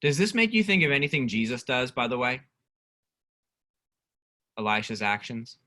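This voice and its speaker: A man's voice: mid-range voice, very animated, normal speed, bright, forceful tone. A male youth pastor teaching a casual Bible study, reading scripture aloud and asking the group questions.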